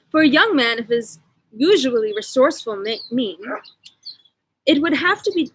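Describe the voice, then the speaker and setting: A woman's voice: sits high, a little hiss or hum, low-quality recording. A woman reading a classic novel aloud, with casual asides to her dog. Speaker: audiobook reader.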